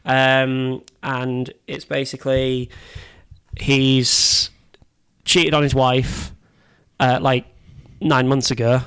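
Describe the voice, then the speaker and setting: A man's voice: mid-range voice, level tone, drawn-out words, fairly bright tone, smooth, no echo. A man co-hosting a casual podcast debate, blunt and swearing freely as he argues his point. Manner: blunt, swears, laughs easily. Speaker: podcast co-host.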